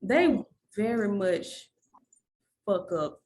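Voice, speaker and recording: A woman's voice: mid-range voice, lively intonation, very slow, a little mellow. A young woman with a Southern US accent co-hosting a casual chat, with a dry, blunt, sarcastic manner. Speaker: podcast co-host.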